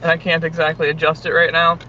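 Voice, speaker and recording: A man's voice: on the high side, monotone, quick pace, bright, forceful tone. A man chatting on a voice call while driving, talkative and joking, laughing often and swearing casually. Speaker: friend on a call. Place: in a car. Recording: muffled call audio with road noise.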